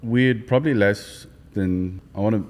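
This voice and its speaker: A man's voice: on the low side, normal speed, darkish tone, big-room sound. A man with an Irish accent, a sales coach talking bluntly and punchily in a casual podcast chat, with some swearing. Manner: blunt, punchy, profane, repeats short lists. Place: podcast studio.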